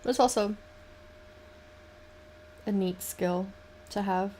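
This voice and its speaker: A young woman with a Southern US accent, chatting casually on a livestream in a halting, rambling way with many restarts. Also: mid-range voice, mellow, a little hiss or hum. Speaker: livestream host. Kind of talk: casual chat while painting on stream.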